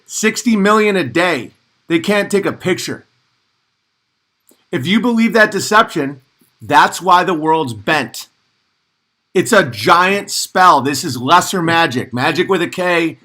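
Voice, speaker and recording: Guy ranting hard, fired up and preachy, kinda high sharp voice. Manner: intense, preachy, worked up. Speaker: commentator. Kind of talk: ranting commentary.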